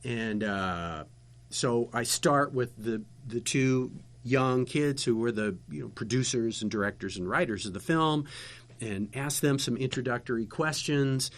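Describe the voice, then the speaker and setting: Rambling, animated male storyteller. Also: medium pitch, unhurried. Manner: rambling, animated anecdotes with many fillers and restarts. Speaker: guest telling stories, former local TV interviewer. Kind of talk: casual storytelling chat.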